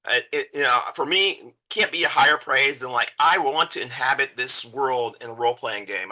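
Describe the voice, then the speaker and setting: A man's voice: mid-range voice, moderate pace, few pauses, bright, forceful tone, poor audio. A man co-hosting a casual film discussion, talking animatedly and acting out characters with exaggerated voices. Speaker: podcast co-host.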